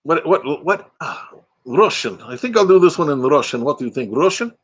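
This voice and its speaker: An older Texan man with a Texan accent hosts a casual livestream chat in a fairly high, husky, expressive voice at a moderate pace. He jokes around constantly, slipping into silly bits and voices.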